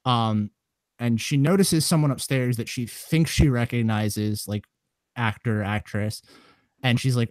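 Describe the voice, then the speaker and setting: A man's voice: mid-range voice, unhurried, no room sound. A man with a mid-range voice talks casually and rambles through a long anecdote, building energy as he goes. His delivery is loose, full of "like" and restarts. The recording is close and completely dry. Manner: rambling animated storyteller. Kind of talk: casual chat.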